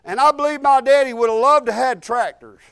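A man's voice: very high voice, fast, fairly bright tone, smooth, no room sound. A middle-aged man preaching an informal sermon, telling folksy personal stories and building emphatic cadences on scripture.

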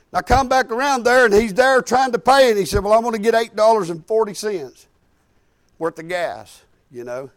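A high-pitched man with a drawl tells a story from the pulpit in a loose, folksy way. He rambles and doubles back, stringing his account together with "I said" and "he said". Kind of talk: sermon storytelling.

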